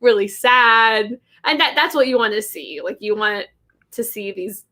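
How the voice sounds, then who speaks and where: Bright chatty woman gossiping. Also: fairly high pitch, unhurried. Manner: gushing, laughs often, fillers of "like". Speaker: podcast co-host. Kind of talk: casual chat.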